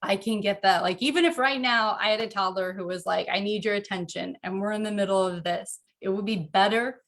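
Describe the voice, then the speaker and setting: A woman talking earnestly about parenting in a casual interview from home, animated and quick to laugh. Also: medium pitch. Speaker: podcast guest, author.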